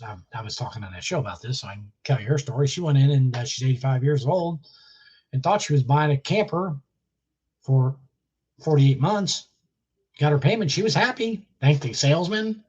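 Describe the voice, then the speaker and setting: A man's voice: medium pitch, fairly quick, a little mellow, breathy edge, muffled recording. A man with a chest cold, bluntly scolding viewers in a casual live stream rant and swearing freely. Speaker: vlogger.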